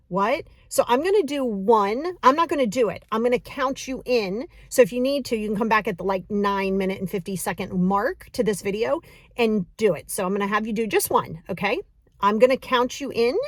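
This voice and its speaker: A woman coaching a breathing exercise in a casual, encouraging, chatty way, counting slowly. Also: on the high side, no echo, clean studio sound. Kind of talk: casual guided breathing lesson.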